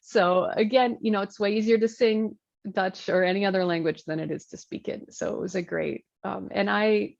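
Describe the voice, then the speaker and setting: A woman pastor in her thirties from Michigan, chatting in an interview with a gravelly edge to her voice. She rambles and laughs as she talks, with plenty of fillers and restarts. The recording sounds a bit dull and lo-fi. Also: mid-range voice, fairly even intonation, moderate pace. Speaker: Lutheran pastor. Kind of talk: casual interview conversation.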